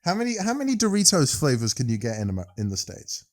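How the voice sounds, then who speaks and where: A man's voice: medium pitch, huge pitch swings, fast, a little mellow, no room sound, studio quality. A British man co-hosting a podcast in casual, rambling chat that often trails off mid-sentence. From United Kingdom. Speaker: podcast co-host.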